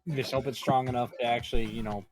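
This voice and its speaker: A man's voice: medium pitch, fairly even intonation, quick pace, rough recording. A man running a tabletop game over voice chat, wry as he herds his players along. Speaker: game master.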